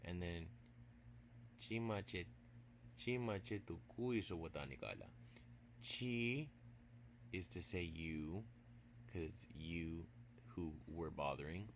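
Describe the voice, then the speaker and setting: A man with a deep, low voice teaches a casual language lesson at an unhurried pace. He is playful and teasing with his listeners, breaking words into slow, careful pieces, and now and then slipping into quiet asides. A faint hum sits under his voice. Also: lively intonation. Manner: playful and teasing, slowly spelling out words syllable by syllable.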